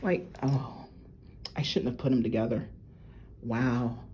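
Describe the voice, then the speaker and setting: A woman, gushing and excitable as she unboxes jewelry and chats with viewers she calls y'all. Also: very deep voice, slow pace, a little hiss or hum, rough recording. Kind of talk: casual unboxing chat to viewers. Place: at work.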